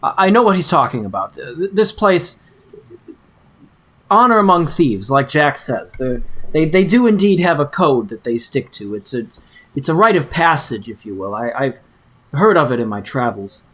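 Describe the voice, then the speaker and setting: A nervous young prince who stammers and restarts his words, earnest underneath, as a man plays him. His voice rises and falls in a lively way. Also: on the high side, moderate pace. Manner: stammering, hesitant. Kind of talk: tabletop role-play voice acting.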